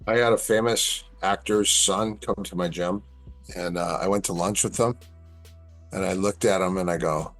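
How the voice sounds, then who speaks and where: Brief: middle-aged male guest, low voice, animated storyteller. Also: normal speed, soft background music. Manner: animated storyteller, acts out quoted lines. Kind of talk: casual storytelling chat.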